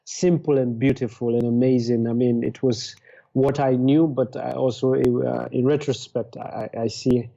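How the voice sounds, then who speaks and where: A man's voice: medium pitch, steady tone, normal speed, gravelly, dark tone, highs cut off. A man from Leone, a podcast guest telling his story thoughtfully and hesitantly, with many fillers, over a remote call. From Sierra Leone. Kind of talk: interview storytelling.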